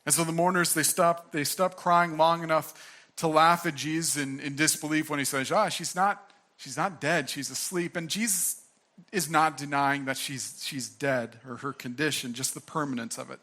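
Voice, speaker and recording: Young man, pastor, casual sermon, bright tone, frequent restarts. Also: on the high side, fairly even intonation, normal speed. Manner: earnest, conversational, many fillers and restarts.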